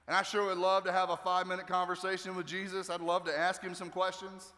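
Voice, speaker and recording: Bright-voiced joking male pastor, hall echo. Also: high-pitched, fairly quick. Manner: conversational and joking, acting out quotes. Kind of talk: sermon. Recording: long hall reverb.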